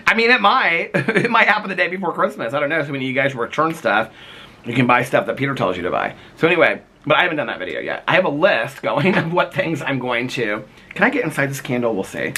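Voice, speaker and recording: Holding a phone in his hand, a man vlogs casually at home, rambling along with plenty of fillers and laughing often. His voice sits at a medium pitch, sharp in tone and a little rough.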